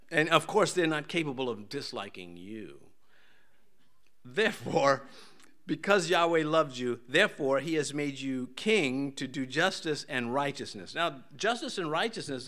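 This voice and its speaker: An older male pastor gives a relaxed, joking sermon in a church. His voice sits a touch high and swings widely in pitch, and he slips into high put-on voices to act out his stories. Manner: folksy, jokey, acts out voices in high pitch. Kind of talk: casual sermon with jokes.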